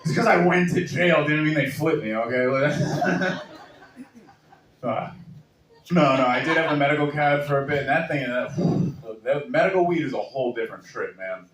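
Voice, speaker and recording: A man's voice: on the high side, normal speed, a bit bright. Boston man doing loose stand-up crowd work. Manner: loose, crowd-work banter, laughs between jokes. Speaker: stand-up comedian. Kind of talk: stand-up comedy set. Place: bar or small venue with live crowd. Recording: echoey room, distant mic, faint noise.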